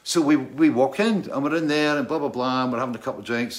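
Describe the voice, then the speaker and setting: A man's voice: mid-range voice, steady tone, fast, few pauses. A man who is a touring musician, telling a casual, rambling anecdote, keeps checking in with "right?" and laughing.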